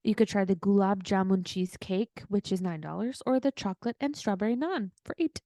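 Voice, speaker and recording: A woman co-hosting a podcast in casual chat, calmly explaining details. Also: mid-range voice, a little fast, dry recording, clean studio sound. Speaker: podcast co-host.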